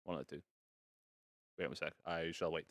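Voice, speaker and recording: Low-voiced man streaming in VR. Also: level tone, a little fast, no room sound, clean studio sound. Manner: rambling and playful, swears casually. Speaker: VR streamer hosting a fashion show. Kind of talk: casual live-stream chat. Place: indoors in a home VR setup.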